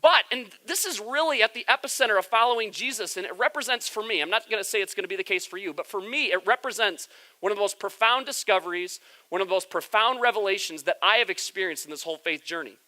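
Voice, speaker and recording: A pastor preaching a sermon in a bright, forward voice. The delivery is candid and confessional, openly admitting personal struggles to the congregation. The tone stays conversational. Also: mid-range voice, fast.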